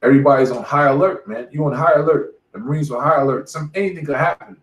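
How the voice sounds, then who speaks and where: A street Bible teacher in his forties, or close to it, talks fast in a slightly high voice as he leads the study. His casual preaching and war stories come out emphatic and profane, with "man" following nearly every phrase. The recording is echoey.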